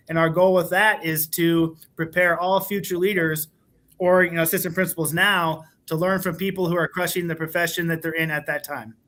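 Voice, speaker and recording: Brief: male school leader guest, high bright voice, sincere storyteller. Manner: earnest, warm storyteller with fillers. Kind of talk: casual panel storytelling.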